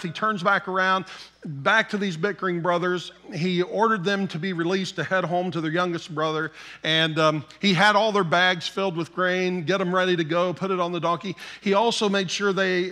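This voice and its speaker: A man's voice: fairly high pitch, bright, forceful tone. A middle-aged man, a pastor, preaching a sermon, telling the story in a conversational way with asides to his listeners.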